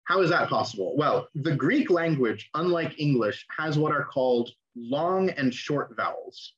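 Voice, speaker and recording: A man's voice: fairly high pitch, animated, unhurried, a bit bright. A young man teaching an online class, explaining in a casual way with fillers and restarts. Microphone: video call. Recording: dull lo-fi audio.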